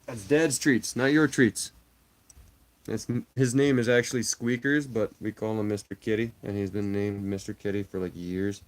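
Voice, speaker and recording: A man's voice: fairly even intonation, moderate pace. Blunt, casual man streaming live. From Canada. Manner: swears bluntly, coos at his cat in a high voice.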